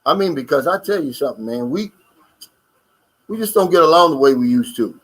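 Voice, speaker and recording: American male streamer, fairly high voice, loose and talkative, riffs on viewer comments. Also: lively intonation, brisk, a bit bright, low-quality recording. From United States. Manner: chatty, reads out comments and riffs on them. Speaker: livestream host reading viewer comments. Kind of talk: casual live-stream chat.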